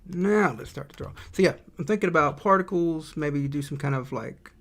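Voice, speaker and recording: A man's voice: a little high, fairly quick, fairly bright tone. A man streaming his indie game development, chatting casually and thinking aloud while he draws and reads chat.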